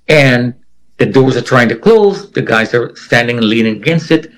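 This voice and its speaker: A man's voice: medium pitch, lively intonation, a little slow, fairly bright tone, low-quality recording. A man giving a first-person account in an interview, vividly acting out the voices of the people he quotes. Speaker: interviewee telling a personal story.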